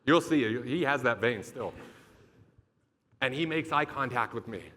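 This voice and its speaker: A man's voice: mid-range voice, measured pace, pushed and bright, slight background noise. A man giving a motivational keynote talk, telling a vivid story with lots of swearing. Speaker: motivational speaker. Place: event stage.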